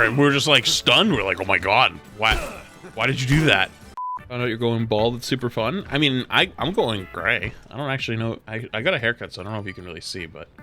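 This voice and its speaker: A young man in his twenties, a streamer casually telling a story, animated and profane, often getting loud. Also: medium pitch. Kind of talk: casual storytelling while gaming.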